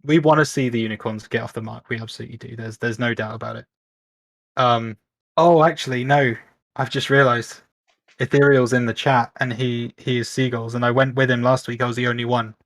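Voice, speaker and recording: Man, British accent, stream host, upbeat, chatty, middle pitch. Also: fairly even intonation, brisk, fairly bright tone. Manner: upbeat, chatty, self-mocking. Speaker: league host and caster. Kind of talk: casual esports stream talk.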